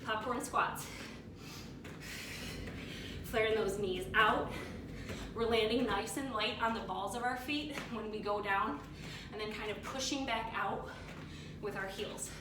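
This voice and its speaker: A woman's voice: medium pitch, unhurried, pauses often, noisy background. A woman fitness instructor leading a workout, out of breath, counting down and cueing moves with energy. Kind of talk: workout coaching. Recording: echoey room, mic at a distance.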